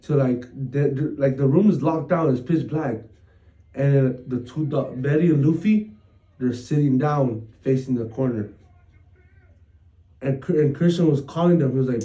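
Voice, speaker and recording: A man's voice: mid-range voice, normal speed, dark tone, far from the mic, poor audio. A man co-hosting a podcast, telling a scary story in rambling casual chat full of slang and swearing. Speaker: podcast co-host.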